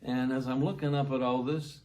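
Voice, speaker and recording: An older man tells a story from his days as a musician. He keeps it lively and acts out the voices of the people he meets. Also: mid-range voice, moderate pace. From Canada. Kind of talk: anecdotal storytelling.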